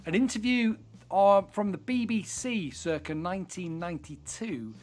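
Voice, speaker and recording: A man's voice: high voice, moderate pace, a little mellow. A man co-hosting a casual podcast, teasing his partner and introducing the guest. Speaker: podcast co-host.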